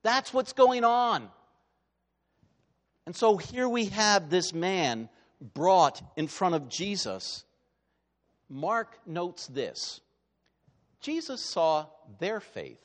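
High, lively preaching man. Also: slow pace, pauses often, in a large hall. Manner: dramatic, swinging from hushed to loud. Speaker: pastor. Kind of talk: sermon. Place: church sanctuary.

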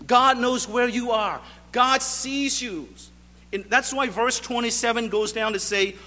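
Man preaching a sermon, emphatic, bright voice, echoey church sound. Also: extremely high pitch, unhurried. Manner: emphatic, repeating rhetorical questions. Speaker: pastor.

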